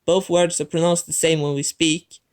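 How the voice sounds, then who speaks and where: A man teaching a language lesson in a clear, methodical scripted narration, talking straight to the viewer. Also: a little high, level tone, normal speed.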